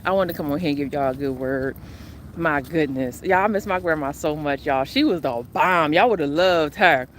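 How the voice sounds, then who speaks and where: A woman with a low voice walks outdoors filming herself on a phone, speaking at a moderate pace amid slight background noise. She's a spiritual coach vlogger, chatting animatedly and calling her viewers "y'all" in casual spiritual talk.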